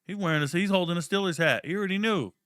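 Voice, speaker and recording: A man's voice: sits high, very fast, clean tone, no echo. Young man, stream host, slangy and profane, dry close sound. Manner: animated, slangy and profane, swings into loud outbursts. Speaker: host of a draft watch party stream. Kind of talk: casual live commentary and storytelling.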